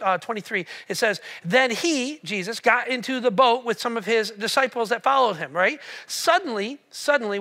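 A man preaching a sermon, telling the story with animated swings between loud and hushed delivery. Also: extremely high pitch. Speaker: pastor.

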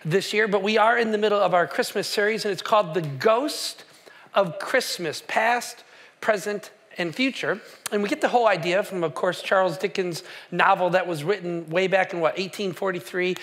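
A man's voice: sits high, normal speed, a bit bright. A man preaching a sermon as pastor, talking casually and directly to the congregation with questions and restarts. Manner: conversational, with frequent fillers and restarts.

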